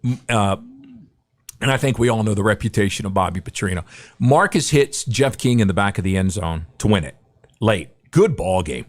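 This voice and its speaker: A man's voice: lowish voice, lively intonation, normal speed. A middle-aged man, a guest broadcaster, telling anecdotes in a podcast interview and acting out the quotes.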